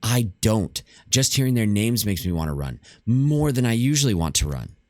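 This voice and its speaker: A man voicing a jumpy, whiny young male daredevil who talks in a high, strained, complaining way. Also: sing-song, moderate pace, no echo, clean studio sound.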